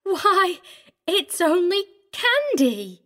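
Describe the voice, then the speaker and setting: A man's voice: extremely high pitch, wildly swooping pitch, very slow, pushed and bright, voice pushed up, full character voice. A man voicing a sly, sinister eight-year-old girl who lisps and giggles. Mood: giggly. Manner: lisping, giggly, taunting. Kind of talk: audiobook reading.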